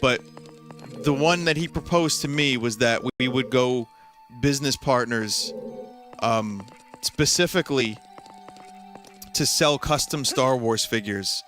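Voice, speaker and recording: Bright-voiced man rambling through a story. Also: medium pitch, slow pace, long pauses, soft background music. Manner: rambling with frequent restarts and asides. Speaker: streamer. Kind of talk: casual storytelling.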